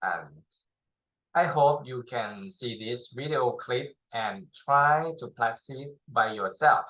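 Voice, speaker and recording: Slow, patient male language tutor. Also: medium pitch, sharp tone, poor audio. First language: Thai. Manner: slow, repetitive, demonstrates sounds with many pauses and fillers. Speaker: Chinese tutor. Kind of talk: slow spoken language lesson.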